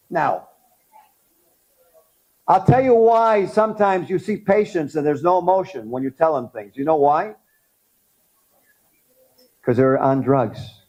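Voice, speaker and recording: Middle-aged guy of cuban background fired up at a conference, pitch a bit high, kinda muffled recording. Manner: animated, rallies the audience with questions. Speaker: speaker at a dental conference. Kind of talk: conference talk to a live audience.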